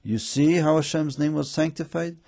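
A man's voice: on the high side, steady tone, normal speed, vocal fry, a little mellow, pitched above the performer's own voice. A man voicing a principled older rabbi in a story, speaking firmly and emphatically. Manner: firm and emphatic. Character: wise, firm older male rabbi, principled.

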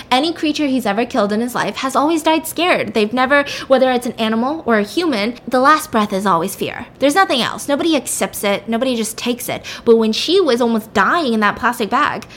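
A woman casually telling a fictional crime story out loud, chatty and peppered with "like.". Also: sits high. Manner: chatty, filled with "like".

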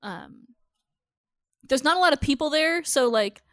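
A woman's voice: high-pitched, expressive, unhurried, fairly bright tone, no echo, clean studio sound. A woman co-hosting a podcast, talking casually and loosely, with lots of fillers and swearing. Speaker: podcast co-host. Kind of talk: casual chat.

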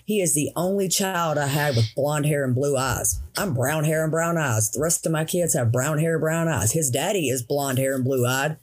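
Grieving woman in her forties. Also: low voice. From Tennessee, USA. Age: 40s. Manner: earnest, raw, slows and speeds while recounting grief. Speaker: guest. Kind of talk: emotional personal interview.

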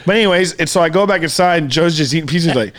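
A man's voice: a little high, very fast, a crowd in the background. A man, co-hosting a casual chat and telling a long story, acting out every quote and swearing freely. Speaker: podcast co-host.

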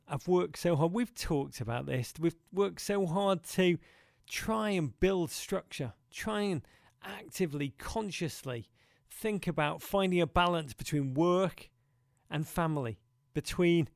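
Gravelly, smooth-voiced podcast host man. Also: high voice, no room sound, clean studio sound. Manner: wistful, rambling, emphatic. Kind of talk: casual podcast monologue answering listener questions.

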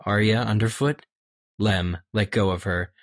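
A man reading aloud and voicing a grown male soldier in a plain, measured voice. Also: on the low side, steady tone. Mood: moved. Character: gruff grown male soldier, suspicious then moved.

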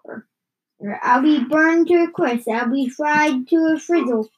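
Lady reading out a grumpy bossy granny, shrill and yelling, slow storybook reading. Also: lo-fi sound. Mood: panicked. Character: cranky bossy old grandmother.

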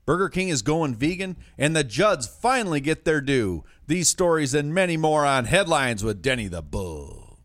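Male comedy news host, wisecracking, very animated pitch, dry studio sound. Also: normal speed, few pauses, no room sound. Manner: jokey, wisecracking delivery. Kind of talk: comic news show hosting.

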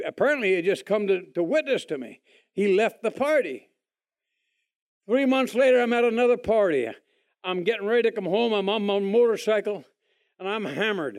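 Man, high voice, folksy testimony teller who does the other people's voices. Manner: folksy, animated, acts out other people's lines in a higher voice. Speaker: speaker giving a testimony. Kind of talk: testimony storytelling.

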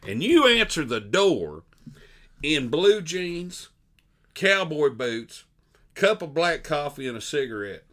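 A man telling a funny story in casual chat, animated and folksy, laughing often. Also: fairly high pitch, takes it slowly. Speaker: podcast co-host.

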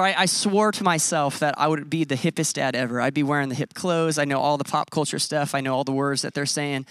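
Pastor in his 30s giving a casual self-deprecating sermon, smooth clear voice, dry close sound. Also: fairly high pitch, fairly quick, hardly any pauses, fairly bright tone, no room sound. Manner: conversational, self-deprecating preaching.

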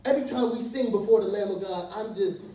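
A man's voice: high-pitched, quick pace, dark tone, slight background noise. A male pastor preaching a casual, joking sermon that turns emphatic and earnest. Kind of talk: conversational sermon. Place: church sanctuary. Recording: echoey hall from a distant mic.

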